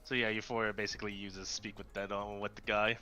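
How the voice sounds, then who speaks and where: A man playing a tabletop game, narrating his character's actions in a relaxed way with many fillers. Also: lowish voice, brisk. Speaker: player. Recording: dull lo-fi mic, faint music.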